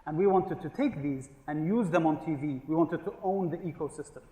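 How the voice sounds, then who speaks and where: In a warm voice on the high side, a man speaks fairly quickly while giving a funny business keynote. Inside a large conference hall with long, echoing reverb, he tells stories, jokes, and poses rhetorical questions to the crowd.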